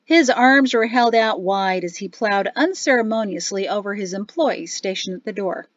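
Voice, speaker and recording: A woman's voice: mid-range voice, normal speed, dry recording, muffled recording. Woman narrating an audiobook. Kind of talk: scripted narration.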